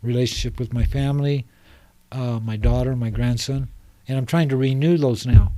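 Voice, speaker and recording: A man's voice: mid-range voice, moderate pace, warm tone, no echo. A middle-aged man from Salt Lake City, a podcast guest speaking earnestly and passionately in a loose, rambling way. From Salt Lake City, Utah. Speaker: guest, homeless advocate. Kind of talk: casual podcast conversation. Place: podcast studio.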